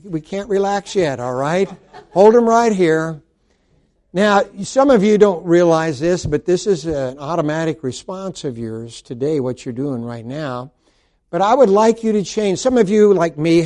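A man's voice: high voice, darkish tone. A man pastor preaching a sermon to his congregation in a conversational, joking way, with asides to the listeners.

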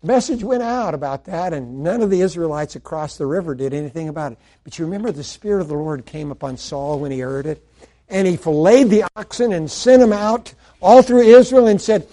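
A middle-aged man preaching a sermon, swinging between loud emphatic lines and hushed asides. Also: fairly high pitch, animated, brisk.

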